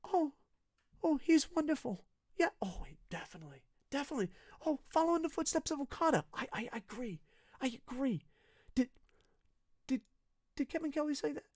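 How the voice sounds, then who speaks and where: A man's voice: very high voice, expressive, fairly quick, long pauses, a little mellow, no room sound, clean studio sound, pitched above the performer's own voice. A man putting on a condescending, sugary, half-whispered voice as if soothing a sensitive fan. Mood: mock soothing. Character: grown man coddling a touchy young fan.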